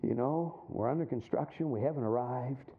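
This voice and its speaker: A middle-aged man preaching a sermon, telling a story with acted-out voices and dropping low and quiet for his points. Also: normal speed. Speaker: pastor. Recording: tinny phone-like sound.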